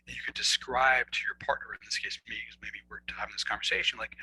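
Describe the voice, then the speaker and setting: Intense, sharp-voiced male coach. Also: mid-range voice, steady tone, quick pace, few pauses, slight background noise, poor audio. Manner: acts out inner dialogue, earnest, swings loud and soft. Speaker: relationship coach, guest. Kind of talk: conversational explaining.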